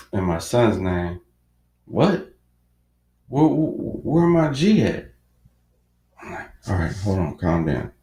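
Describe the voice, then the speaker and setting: A man who works as a finance coach, telling a story about himself in a lively, self-mocking way and acting out his own inner dialogue. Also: low-pitched. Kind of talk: storytelling monologue. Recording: echoey room.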